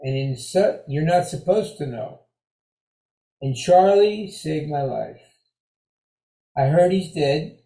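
An older man telling a personal recovery story in an animated, conversational way, repeating phrases for emphasis. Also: on the high side, slow, long pauses, reverberant, poor audio.

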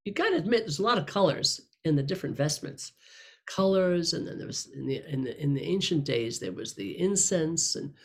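Middle-aged woman telling her story to a room, rambling, candid, kinda self-deprecating. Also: low-pitched. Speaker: speaker sharing her story. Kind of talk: personal testimony to a room. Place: room with listeners.

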